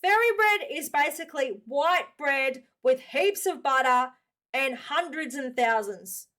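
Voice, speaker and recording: Woman, Australian accent, high pitch, bright tone, blunt casual reaction commentary. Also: animated, unhurried. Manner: blunt, opinionated, slangy. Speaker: reaction video host.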